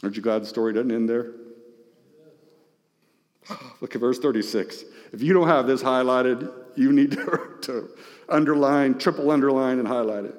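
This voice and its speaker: A man's voice: mid-range voice, darkish tone. A male pastor preaching an impassioned sermon, calling out to the congregation with rising and falling delivery. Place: church sanctuary. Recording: reverberant church hall.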